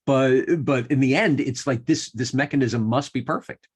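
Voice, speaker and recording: A man's voice: mid-range voice, moderate pace, breathy edge. Eager stammering male interview host. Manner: enthusiastic, stammering repeats. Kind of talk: casual interview.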